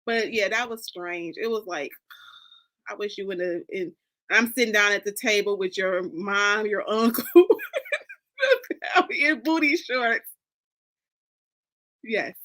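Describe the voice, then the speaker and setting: Bright, lively woman panelist. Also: medium pitch, slow pace, pauses often. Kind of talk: casual live panel chat.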